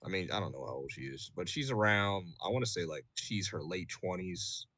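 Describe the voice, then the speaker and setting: A man on a podcast telling a story in casual chat, profane and animated, full of fillers and "bro". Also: deep voice, brisk, no room sound.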